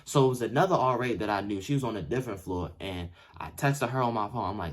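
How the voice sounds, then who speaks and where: A young man telling a story in a casual, slangy way, swinging from yelled quotes to low mutters. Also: animated, fast, hardly any pauses, husky. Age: young adult. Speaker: vlogger. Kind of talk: animated storytime.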